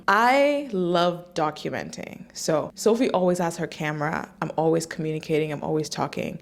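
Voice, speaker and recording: A woman's voice: on the low side, creaky. A woman in her twenties, a vlogger, talking casually to camera and sprinkling her speech with "like.". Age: 20s. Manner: chatty, peppered with "like". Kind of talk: casual talking-head vlog.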